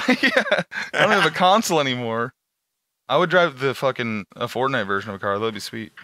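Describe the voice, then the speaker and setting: Loud, bright-voiced man telling crude stories. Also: mid-range voice, expressive, brisk, no echo. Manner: crude storytelling, acts out callers in raised voices. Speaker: podcast host. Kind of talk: casual chat.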